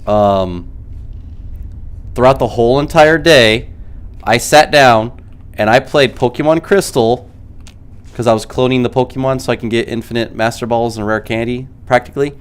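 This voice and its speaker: A man's voice: medium pitch, moderate pace, clear, resonant tone. A man from California chatting casually over gameplay, rambling and quoting movies. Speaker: gaming streamer.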